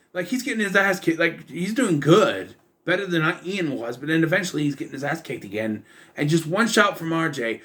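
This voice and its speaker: A man's voice: a little high, lively intonation, moderate pace, a bit bright. Sarcastic man recapping a cheesy movie. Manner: sarcastic, incredulous, rambling with restarts. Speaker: movie reviewer. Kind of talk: casual film review recap.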